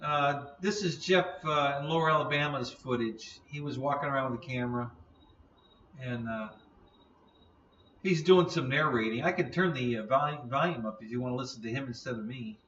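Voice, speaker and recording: A man's voice: medium pitch, normal speed, a bit bright, reverberant, far from the mic, lo-fi sound, a little hiss or hum. A man hosting a casual live stream, chatting in a rambling way, laughing often and yawning.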